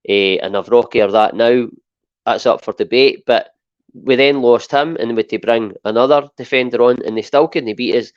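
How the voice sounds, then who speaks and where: Animated Scottish man on a podcast. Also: mid-range voice, no echo, lo-fi sound. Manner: animated, emphatic, rhetorical "right?" tags. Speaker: podcast co-host. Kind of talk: casual football chat.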